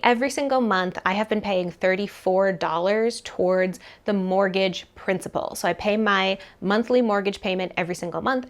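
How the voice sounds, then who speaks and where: A woman talking to camera about her money in an animated, chatty way, full of casual fillers. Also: medium pitch. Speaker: personal finance vlogger. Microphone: camera mic, leaning toward camera.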